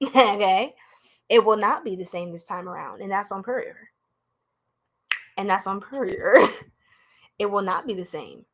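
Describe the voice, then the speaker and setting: A woman's voice: mid-range voice, expressive, a little slow, pauses often, slight background noise. A young woman, doing a live tarot reading in a playful, goofy, slangy way and laughing often. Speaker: tarot reader.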